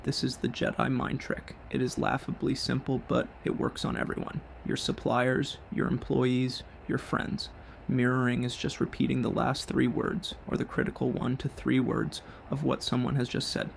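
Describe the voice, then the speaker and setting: A show host delivers a scripted business monologue in blunt, punchy short sentences. His gravelly voice is mid-range and level in tone, at a normal speed, with slight background noise.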